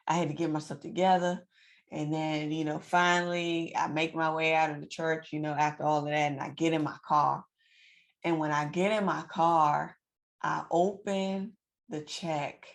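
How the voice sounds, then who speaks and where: A woman telling a personal story to her viewers in a lively, preacherly way, repeating phrases for emphasis. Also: low-pitched. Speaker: financial coach and vlogger. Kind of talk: casual storytelling to camera.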